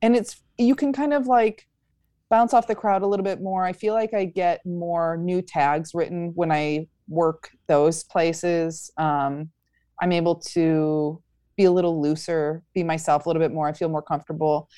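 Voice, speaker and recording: Brief: young woman comic, lowish voice, dry close sound, upbeat and rambling. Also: fairly even intonation, moderate pace, dark tone, no echo. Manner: upbeat, many fillers and restarts. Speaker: stand-up comedian guest. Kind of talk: casual interview chat.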